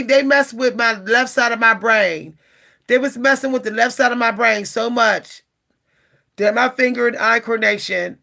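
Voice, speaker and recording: A woman vlogger speaks straight to her viewers in a casual, animated way. Her voice is bright and forceful, and she sounds exasperated. She often circles back and repeats herself as she vents. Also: on the high side, creaky. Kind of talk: casual talk to camera.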